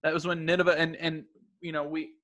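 Earnest, bright-voiced man talking faith. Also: a little high, flat delivery, fast. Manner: earnest, rambling with many restarts. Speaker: church leader in a podcast discussion. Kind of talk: casual Bible discussion.

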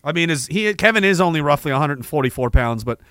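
A man's voice: a little high, animated, quick pace, fairly bright tone, no echo, studio quality. Profane, rambling male stream host. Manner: profane, rambling, laughs often. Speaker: stream host reading viewer messages. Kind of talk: casual livestream chat.

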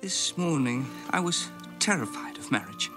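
An actor playing a nervous, earnest young groom in an animated film, speaking softly with halting pauses. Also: male voice, mid-range voice, natural voice. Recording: film clip with music underneath.

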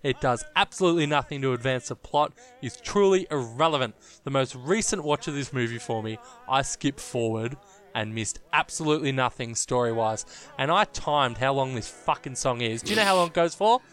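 A man's voice: medium pitch, expressive, brisk, fairly bright tone. A man co-hosting a casual film review podcast, blunt and mocking, swearing freely. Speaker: podcast co-host.

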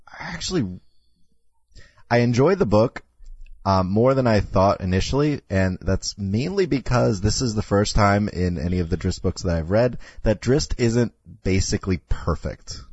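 A man co-hosting a podcast, chatting casually and laughing as he talks through a fantasy book series with halting restarts. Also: on the low side, expressive, a little mellow, husky, no room sound, lo-fi sound. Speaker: podcast co-host. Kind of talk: casual chat.

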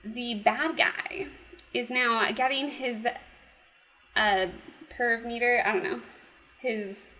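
A woman casually recapping a cartoon episode, animated and giggly, acting out the characters' lines. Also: a little high, slow pace, long pauses, low-quality recording. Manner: animated retelling with acted quotes, giggly. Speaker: podcast co-host.

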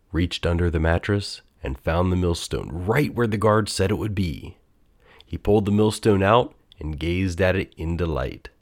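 Deep-voiced man reading a children's story. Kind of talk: storybook read-aloud narration.

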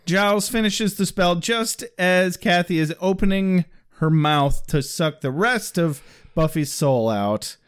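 A man co-hosting a podcast and recapping a show in casual chat, with crude jokes and quick put-on voices. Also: high-pitched, clean tone. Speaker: podcast co-host.

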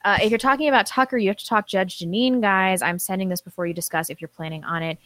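A woman's voice: medium pitch, steady tone, fast, fairly bright tone, dry recording. A woman co-hosting a live-stream talk show, reading viewer comments aloud and chatting casually. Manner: reads superchats aloud, chatty with fillers.

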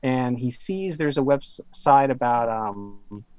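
A man's voice: medium pitch, animated, a little mellow, no echo, muffled recording. A male author in casual conversation, telling a long story in a rambling way with many asides. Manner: rambling, with fillers and quick asides. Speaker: author guest.

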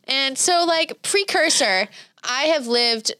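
A young woman casually telling a story on a podcast, animated and swearing, acting out her own quotes. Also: on the high side, takes it slowly, clean tone, no room sound, clean studio sound.

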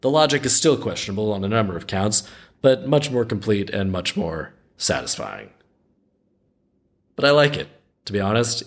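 A man hosting a storytelling show, reading a folk tale aloud and breaking off for wry, skeptical, rambling asides. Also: on the low side. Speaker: podcast host reading folk tales. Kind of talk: storytelling with casual commentary.

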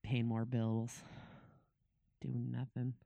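A woman's voice: extremely low pitch, flat delivery, takes it slowly, gravelly, dry recording, highs cut off. Laughing, foul-mouthed woman podcast co-host. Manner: laughs often, swears freely. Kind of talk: casual podcast chat.

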